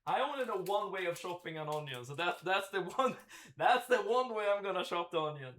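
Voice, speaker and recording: A man's voice: high-pitched, lively intonation, fairly quick, a bit bright. Chatty man cooking on a livestream. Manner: chatty, thinks aloud, answers chat. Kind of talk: casual live commentary while cooking. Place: home kitchen.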